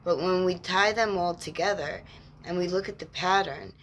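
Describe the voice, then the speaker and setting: A woman speaking as a spiritual mentor in an inspirational monologue, gentle and reassuring, with measured, drawn-out phrasing. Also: lowish voice, a little hiss or hum. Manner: slow, measured, drawn-out phrasing with lists of words.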